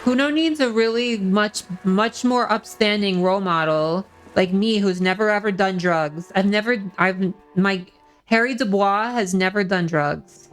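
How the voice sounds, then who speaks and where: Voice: mid-range voice, a little slow, fairly bright tone, soft background music. Rambling, joking game streamer. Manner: rambling, joking, reads game text aloud. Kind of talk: casual game commentary.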